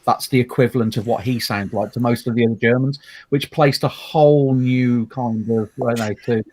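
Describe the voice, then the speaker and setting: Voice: medium pitch, fairly even intonation, brisk, darkish tone, dry recording. A co-host joking and chatting in a casual group conversation. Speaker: podcast co-host.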